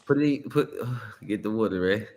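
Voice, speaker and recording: A man's voice: on the low side, moderate pace, a little mellow. A man hosting a casual livestream, laid-back and joking with slangy talk. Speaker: livestream host.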